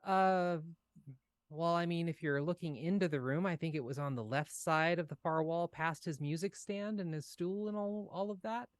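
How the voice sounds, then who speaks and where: Man playing a winged bard woman, captive, weary, hesitant, slightly high voice. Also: dry recording, natural voice. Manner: hesitant, halting speech.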